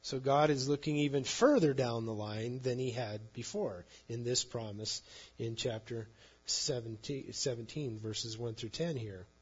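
A man with an unhurried, husky, mid-range voice preaches a sermon, with the recording's highs cut off. He reads scripture and retells it conversationally in everyday words as Bible teaching.

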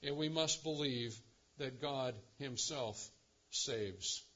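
A man's voice: medium pitch, takes it slowly, pushed and bright, lo-fi sound. A man preaching a sermon as pastor, building to impassioned, rising delivery.

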